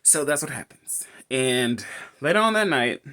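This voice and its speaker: A man's voice: mid-range voice, sing-song, measured pace, sharp tone. Man giving a rambling movie recap. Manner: rambling, restarts often, laughs between lines. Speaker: movie reviewer. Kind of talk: casual rambling film recap.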